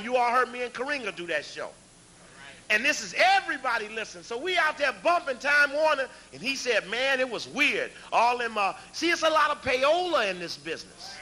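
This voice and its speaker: Fiery high-pitched man lecturing a crowd. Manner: preacherly, call-and-response, raises voice to shout.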